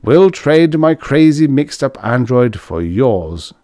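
Man doing an excitable, impulsive man. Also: medium pitch, takes it slowly, no room sound, studio quality, pitched above the performer's own voice. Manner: excitable, exclaiming. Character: excitable, impulsive middle-aged man, frazzled android owner.

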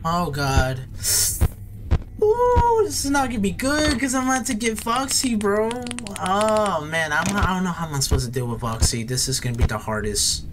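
Excitable young-sounding gamer man. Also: on the high side, moderate pace, few pauses, noisy background. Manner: excitable, slangy, jumpy exclamations. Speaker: gaming YouTuber. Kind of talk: reactive gameplay commentary.

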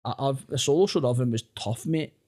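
A man's voice: mid-range voice, fairly quick, a little mellow. A young Glaswegian man, a stand-up comedian, telling sweary stories in casual podcast chat and laughing often. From Scotland.

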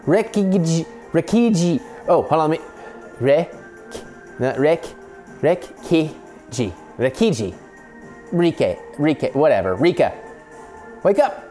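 Man, casual gameplay host, jokey and playful, reads text aloud, bouncy pitch, faint music behind. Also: animated, unhurried, pauses often, dark tone. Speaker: video game channel host. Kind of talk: casual unboxing and gameplay commentary.

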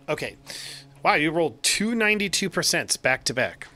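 A man's voice: on the high side, very animated, normal speed. A man running a tabletop game as game master, rambling with many fillers and restarts.

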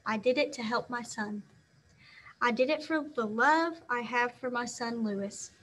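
A woman's voice: fairly high pitch, measured pace, fairly bright tone, slight background noise. A woman voicing a proud old male swan who reproaches himself, in an earnest, storybook way. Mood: tender.

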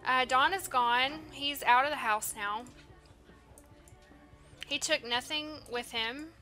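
A woman's voice: sits high, takes it slowly, sharp tone, faint music behind. A woman doing casual gameplay commentary, reacting with dismay and talking to the characters on screen. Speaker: let's play host.

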